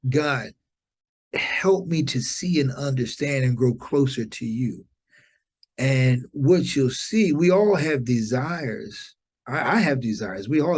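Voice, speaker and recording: A man in his fifties, a podcast guest, telling an inspirational story in an animated, preacher-like way, often jumping up in pitch for exclamations. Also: husky.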